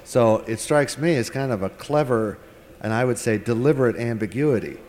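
A man giving a verse-by-verse scripture lecture, working through the text word by word with pauses and filler sounds. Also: mid-range voice, a little mellow, long reverb tail, slight background noise. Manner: deliberate, translating word by word with frequent pauses and fillers. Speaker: Bible teacher.

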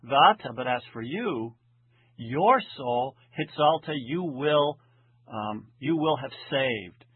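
A man teaching a lecture, translating a text verse by verse in a deliberate, methodical way and slowing down to read the original lines. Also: expressive, breathy edge, no room sound. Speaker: Hebrew Bible teacher. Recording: tinny phone-like low-fidelity audio.

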